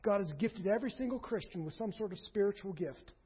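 A man's voice: high voice, fast talker, slightly rough, in a large hall, highs cut off. A man preaching a sermon as pastor, earnest, acting out quoted speech with rising emphasis.

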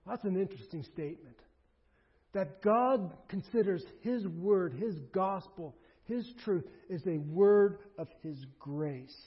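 A man preaching a sermon as a pastor, emphatic and rising to forceful peaks. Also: high-pitched, expressive, measured pace. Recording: dull lo-fi sermon recording.

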